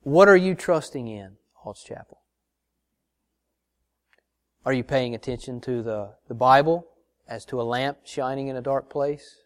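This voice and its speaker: A pastor preaches earnestly, pressing his congregation with rhetorical questions and addressing them as brothers and sisters. His voice is mid-range and unhurried, with frequent pauses.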